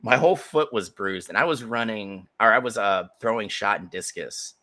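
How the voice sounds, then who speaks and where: A man co-hosting a podcast, telling a story in casual chat, animated and laughing, acting out voices as he goes. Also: lowish voice, normal speed. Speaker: podcast co-host.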